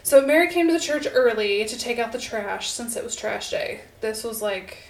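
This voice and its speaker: A woman's voice: a little high, lively intonation, normal speed, slight background noise. Chatty woman podcaster, echoey room. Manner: chatty, self-mocking, laughs often. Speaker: podcast co-host. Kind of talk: casual podcast chat and case narration.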